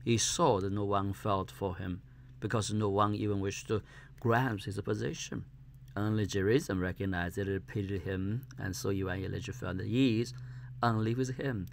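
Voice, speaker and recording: Gravelly, halting male reader. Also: on the low side, fairly even intonation, slight background noise. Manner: halting, stumbles over words. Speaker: audiobook reader. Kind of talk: reading a classic novel aloud.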